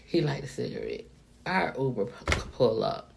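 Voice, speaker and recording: A woman from the Miami-Dade area telling a personal story straight to camera, candid and profane, in an animated, chatty way. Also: rumbling low, moderate pace, vocal fry, noisy background. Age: adult, past her younger days. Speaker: vlogger. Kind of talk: casual storytime monologue.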